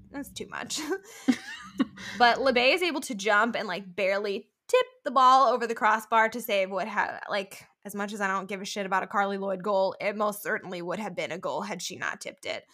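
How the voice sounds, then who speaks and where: Bright, lively young woman co-host. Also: on the high side. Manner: animated, swears, laughs often. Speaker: podcast co-host. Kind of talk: casual sports chat.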